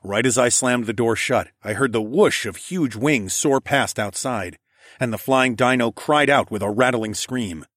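A man narrating a first-person audiobook in a steady, measured way. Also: mid-range voice, dry recording, clean studio sound.

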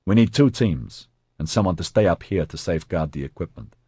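A man as a calm male squad leader. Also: low-pitched, slightly rough, dry recording, studio quality, heavily acted. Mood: steady. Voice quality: calm, measured.

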